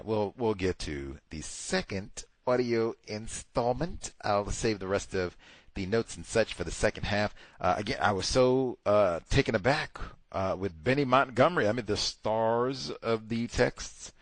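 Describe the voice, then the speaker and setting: A man hosting a book club, talking through a memoir in a casual, digressive way with loud mocking asides. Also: lowish voice, no room sound.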